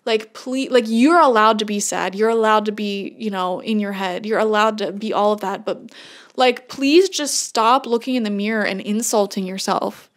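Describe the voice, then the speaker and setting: A woman's voice: mid-range voice, normal speed. A woman giving a casual tarot reading to camera, talking earnestly and bluntly, with frequent laughs. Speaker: tarot reader.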